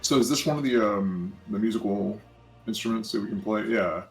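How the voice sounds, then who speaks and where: A man's voice: fairly low pitch, a little fast, gravelly, faint music behind, poor audio. A man co-hosting a let's play with a slight lisp, chatting casually, rambling and correcting himself as he goes. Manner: rambling, self-correcting, joking. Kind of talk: casual gaming chat.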